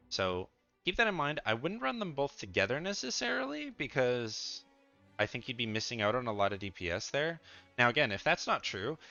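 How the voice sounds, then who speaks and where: A man's voice: on the low side, pushed and bright, muffled recording. A man giving chatty, loose gaming commentary, thinking aloud with fillers and restarts, and sounding a bit sleepy. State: sleepy, yawning. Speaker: gaming content creator. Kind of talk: casual tier-list commentary.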